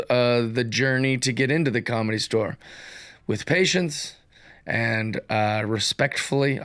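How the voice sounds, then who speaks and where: A man's voice: mid-range voice, clear, resonant tone, no echo, clean studio sound. A man in his forties, a comedian, talking through a casual solo monologue full of fillers and restarts. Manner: rambling, filler-heavy, animated storytelling. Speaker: comedian hosting his own show.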